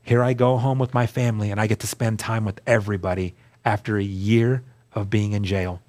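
A man, a guest on the show, telling his personal testimony in an earnest, emphatic way, dropping to a hushed voice at key moments. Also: fairly low pitch, steady tone, brisk.

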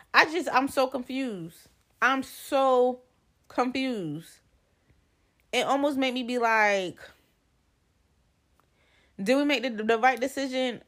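Brief: woman podcast co-host, blunt, opinionated casual chat. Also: sits high. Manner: blunt, animated, swearing.

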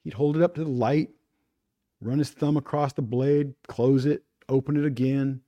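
Man telling a measured story. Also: mid-range voice, fairly even intonation, dull audio. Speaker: host of a fishing talk show. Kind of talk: scripted opening monologue.

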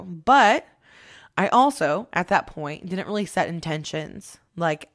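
A woman with a lowish, animated voice hosts a podcast as a spiritual medium, speaking unhurriedly. Her casual monologue rambles, with lots of swearing and self-mocking asides.

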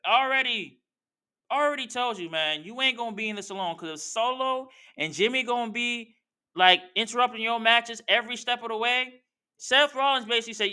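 A podcast host delivers a slangy, heated wrestling commentary rant, addressing wrestlers and fans directly. His voice sits high and sounds pushed, bright, and smooth, moving at normal speed.

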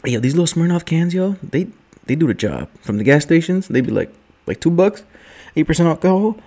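A man's voice: on the high side, very animated, brisk, warm tone. A young man casually telling a late-night story as a vlogger, rambling and profane, full of slang and jokes, drinking while he talks. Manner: rambling, profane, joking slang with 'yo' and 'bruh'.

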